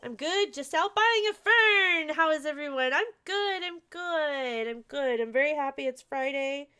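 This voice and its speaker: A woman's voice: high-pitched, unhurried, pushed and bright. A woman streaming a game live, chatting casually and gushing over her chat. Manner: bubbly, gushes over chat.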